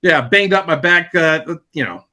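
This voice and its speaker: A man's voice: fairly high pitch, animated, normal speed, sharp tone. A man on a comedy podcast, telling a long anecdote in casual chat, with restarts and repeated words. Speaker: podcast co-host.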